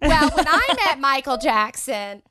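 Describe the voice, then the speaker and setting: A woman's voice: high-pitched, lively intonation, unhurried, crowd noise. A woman guest on a podcast, reacting with exclamations and chatting casually. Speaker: guest actor. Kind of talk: casual chat.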